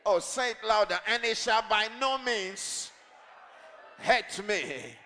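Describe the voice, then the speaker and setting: A male pastor preaching a sermon and leading the congregation in call-and-response, building up to shouted declarations. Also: sits high, animated, slow. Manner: leads the congregation in repeating lines. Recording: long reverb of a large hall.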